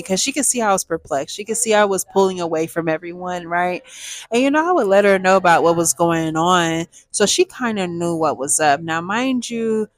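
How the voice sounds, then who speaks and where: A young woman, telling a personal story to viewers in a lively, chatty way. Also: medium pitch, no echo. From Texas, USA. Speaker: storytime vlogger.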